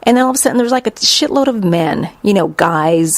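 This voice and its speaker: A middle-aged woman hosting a podcast, telling a story in a blunt, profane, animated way. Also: medium pitch, a little fast, no echo. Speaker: podcast host. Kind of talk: casual storytelling monologue.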